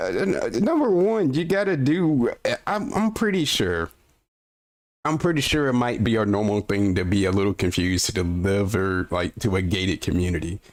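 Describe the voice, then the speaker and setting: A man's voice: on the low side, animated, moderate pace. A man streaming, reacting to a video with incredulous, ranting commentary and casual swearing.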